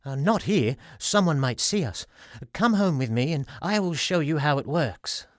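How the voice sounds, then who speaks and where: A man's voice: fairly high pitch, animated, moderate pace, no room sound, studio quality, pitched above the performer's own voice, close to an everyday voice. A man doing a hesitant, friendly little inventor. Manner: hesitant, polite, starts with "uh". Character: short bald friendly little old-fashioned inventor man.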